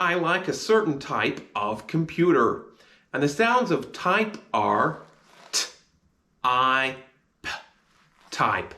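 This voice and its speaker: A man's voice: medium pitch, sharp tone. A man teaching a phonics spelling lesson, sounding out each word letter by letter.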